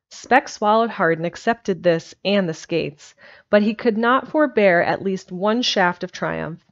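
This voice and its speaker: A woman narrating a classic story chapter in a steady, even way. Her voice sits at a medium pitch. The home stream recording is slightly muffled and lo-fi. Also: measured pace. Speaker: audiobook reader.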